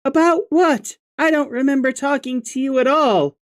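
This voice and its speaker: A man voicing a jittery, irritable teenage girl in a strained, exasperated voice. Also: normal speed. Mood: distraught. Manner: high, strained, exasperated delivery. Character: jittery, irritable teen girl, quick to snap.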